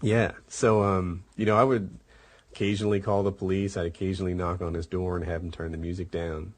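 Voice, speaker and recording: A man's voice: sits low, little pitch movement, fairly quick, darkish tone. A middle-aged man telling a long personal story in casual chat, rambling with many fillers. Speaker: podcast host.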